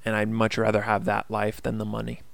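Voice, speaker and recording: A man's voice: lowish voice, monotone, fairly quick, gravelly, dry recording. A man hosting his own casual podcast, talking in an earnest, upbeat motivational way with plenty of fillers. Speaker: podcast host. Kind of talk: casual solo podcast monologue.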